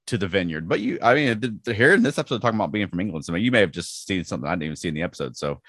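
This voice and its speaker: A man with a low-pitched voice hosts a podcast in relaxed conversation. He talks freely, laughs often, and restarts his sentences. The sound is close and dry. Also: rapid-fire, no room sound. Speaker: podcast host. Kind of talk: casual chat.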